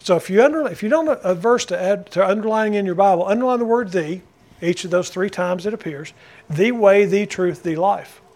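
A man's voice: sits high, animated, fast, darkish tone. A male pastor preaching a sermon, emphatic and repetitive, putting direct questions to the congregation. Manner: emphatic, repeating key phrases, asks the congregation questions.

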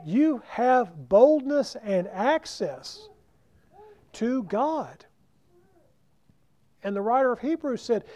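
A man preaching a sermon, emphatic and slowing down to stress key words. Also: high voice, mellow. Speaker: pastor. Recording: dull lo-fi recording.

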